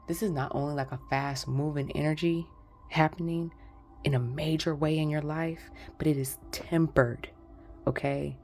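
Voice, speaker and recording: A woman's voice: sits low, creaky, darkish tone. A woman giving a chatty pick-a-card tarot reading, exclaiming and talking straight to her viewers. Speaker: tarot reader.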